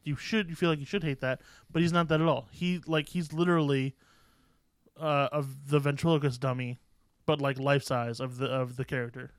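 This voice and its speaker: A man co-hosting a podcast, recapping a film in a rambling, self-correcting, animated way. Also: mid-range voice, moderate pace, no room sound, studio quality. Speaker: podcast co-host. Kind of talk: casual chat.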